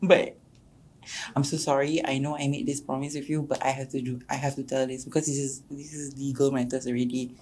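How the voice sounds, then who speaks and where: A young woman with a Singaporean English accent, telling a personal story as a podcast guest and acting out quotes with sudden jumps in pitch and loudness. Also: level tone, brisk, breathy edge.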